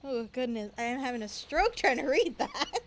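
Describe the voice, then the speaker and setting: High-voiced giggly woman playing a game. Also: very animated, moderate pace. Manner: giggly, self-mocking. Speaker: game streamer. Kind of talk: casual let's-play chat.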